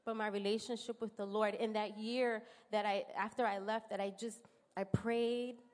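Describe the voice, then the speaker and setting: A woman's voice: mid-range voice, level tone, moderate pace. Ny woman in her 30s telling her testimony, emotional and earnest, big echoey church hall. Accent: New York. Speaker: church member giving testimony. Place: church sanctuary. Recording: long hall reverb in church.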